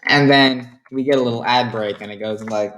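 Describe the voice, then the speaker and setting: A woman casually retelling the plot of her own improvised series, rambling with deadpan asides. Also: a bass voice, moderate pace, a little hiss or hum. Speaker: series creator recapping an episode.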